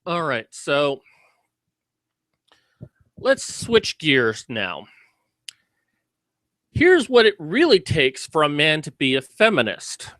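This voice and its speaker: A man's voice: on the high side, very animated, slow pace, long pauses, a bit bright, no echo. A man giving sarcastic, mocking commentary in a video about a news story.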